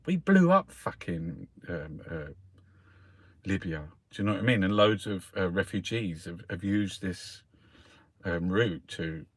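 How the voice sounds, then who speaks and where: A Cockney man from South London talks in a loose, rambling monologue, peppering every sentence with swearing and "mate". His voice sits fairly low, and the sound is dry and close, with no room around it. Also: lively intonation, unhurried, no room sound. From South London, England. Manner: swears constantly, calls listeners mate. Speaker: host reviewing the newspapers.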